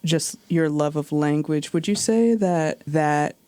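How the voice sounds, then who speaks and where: A man's voice: on the high side, slow, a little mellow, clean tone, dry recording. A man hosting a podcast, talking in a laid-back, thoughtful way and asking follow-up questions. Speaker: podcast host. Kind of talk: casual conversation.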